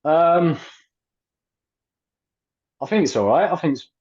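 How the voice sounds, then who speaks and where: A man's voice: fairly high pitch, animated, slow pace, a little mellow, husky. A man in his thirties, a guest in a casual interview, talking hesitantly with many fillers and restarts. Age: 30s. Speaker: actor and filmmaker guest. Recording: dull lo-fi audio.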